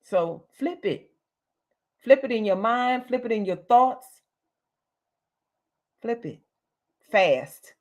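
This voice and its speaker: A woman's voice: a little high, expressive, slow, long pauses, darkish tone. A woman hosting a livestreamed motivational talk, speaking emphatically, repeating key phrases, with casual slang. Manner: emphatic and repetitive, uses slang. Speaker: host.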